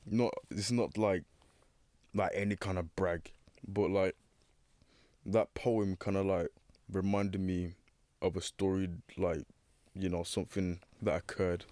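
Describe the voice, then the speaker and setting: A young man, his low voice picking its way through a personal story. He talks hesitantly, stacking fillers and restarts as he searches for words. The sound is close and dry, with no room around it. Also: mellow, dry recording. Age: teens. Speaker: young guest.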